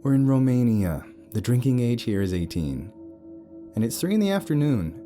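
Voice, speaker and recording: A cheeky, bossy young tour guide woman with a wildly swooping voice, as a male narrator puts her on. She teases and scolds with a sharp tongue, a storybook character pitched in a middle register. Faint music sits behind her. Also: sing-song, normal speed, lightly acted. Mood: teasing.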